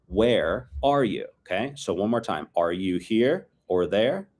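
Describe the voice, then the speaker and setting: A man teaching a filmed language lesson in a relaxed, chatty way, repeating phrases to drill them. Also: lowish voice, unhurried.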